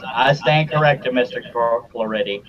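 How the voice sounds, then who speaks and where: A man's voice: mid-range voice, normal speed. A man teasing and joking at his own expense on a casual video call. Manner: teasing, self-deprecating. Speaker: guest on call. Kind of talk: casual group video chat. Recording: loud noise, muffled audio.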